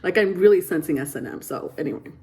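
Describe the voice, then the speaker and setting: Low-voiced woman giving a chatty tarot reading. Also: lively intonation, quick pace, dark tone. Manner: chatty, rambling, with many fillers and restarts; giggles often at her own reading. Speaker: tarot reader. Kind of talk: casual tarot reading to camera.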